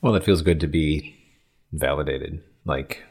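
A man's voice: a bass voice, measured pace, darkish tone, breathy edge. A man co-hosting a casual chat, asking wry questions. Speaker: podcast co-host.

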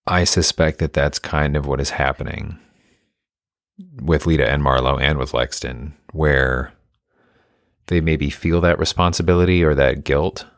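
A man's voice: a bass voice, steady tone, measured pace, no room sound, clean studio sound. A man and parent talking things through in casual conversation, thoughtful and earnest, searching for the right words.

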